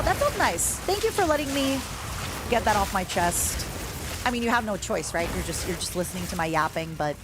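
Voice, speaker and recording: A woman streamer talking in a candid, confiding and halting way as she chats live while gaming. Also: fairly low pitch.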